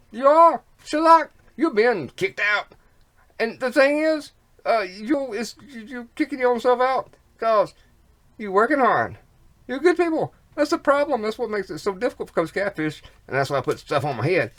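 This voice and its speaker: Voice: mid-range voice, sing-song, normal speed, fairly bright tone. A vlogger in a rambling monologue who repeats words, breaks into rhyming wordplay and folksy slang, and sounds snotty with a cough.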